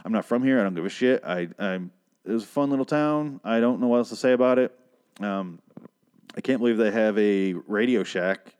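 A man's voice: on the low side, normal speed, darkish tone, smooth. A man from Michigan hosting a podcast, ranting in a rambling, sarcastic and profane casual monologue. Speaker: podcast host.

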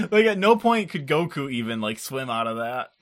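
A man in his own easygoing podcast chat, retelling cartoon scenes with frequent laughter and the odd curse. His voice sits at an ordinary middle pitch, and his delivery is loose and lively. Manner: laughs often, animated, swears casually. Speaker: podcast co-host. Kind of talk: casual chat recapping an anime.

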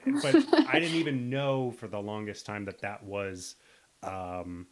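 A man's voice: fairly low pitch, measured pace, crowd noise. A man in casual podcast conversation, talking in a rambling, frank way and swearing now and then.

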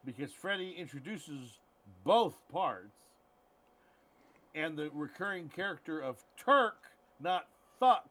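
A man's voice: a little high, lively intonation, slow, fairly bright tone. A man co-hosting a podcast in loose, joking, profane casual chat. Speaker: podcast co-host.

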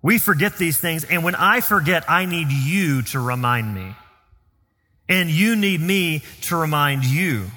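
A man with a Southern US accent preaching a sermon as pastor, earnest and emphatic, slowing down on key phrases. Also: fairly high pitch, animated, sharp tone, long reverb tail. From Southern United States. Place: church sanctuary.

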